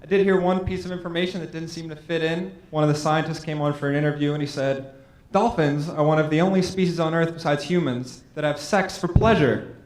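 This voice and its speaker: A man's voice: on the high side, fairly even intonation, a little fast, a little hiss or hum. A man doing a stand-up comedy set with dry, matter-of-fact storytelling. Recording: echoey hall from far off.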